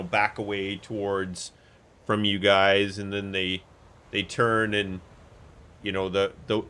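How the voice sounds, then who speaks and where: A man's voice: on the low side, bright, forceful tone. A man narrating a tabletop game as game master in a loose, chatty way.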